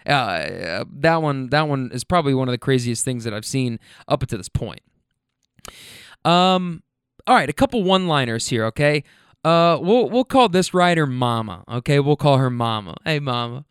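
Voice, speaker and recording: A man's voice: mid-range voice, normal speed, smooth, dry recording, clean studio sound. A rideshare driver hosting his own show, telling funny stories from his rides in a loose, laughing way with lots of restarts. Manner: laughing, animated, stumbling restarts. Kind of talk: casual storytelling. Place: Louisville.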